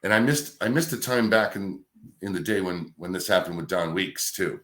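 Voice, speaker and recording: A middle-aged man, a radio host, telling a career story in a casual, animated way. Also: low-pitched, normal speed. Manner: animated anecdote telling with acted-out quotes. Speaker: radio host, podcast guest.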